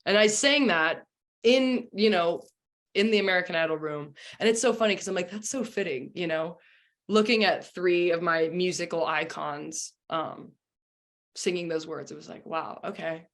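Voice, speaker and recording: A woman's voice: fairly low pitch, moderate pace, a bit bright. A young woman, a singer and former contestant, chatting casually in an interview with lots of "you know" and "um". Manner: chatty with many fillers like 'you know' and 'um'.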